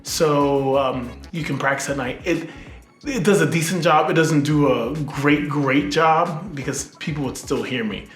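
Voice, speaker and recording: A man, a double bass player, chatting casually to camera at night in his apartment, rambling and poking fun at himself. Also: measured pace, reverberant, soft background music. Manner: chatty, rambling, self-mocking.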